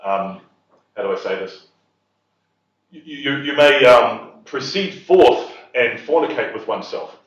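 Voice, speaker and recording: A man's voice: medium pitch, lively intonation, measured pace, fairly bright tone. A man quoting a smug, brash businessman in a cocky, dismissive tone, in an echoey hall. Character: smug, brash male businessman brushing off a partner. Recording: echoey hall, distant mic, dull sound.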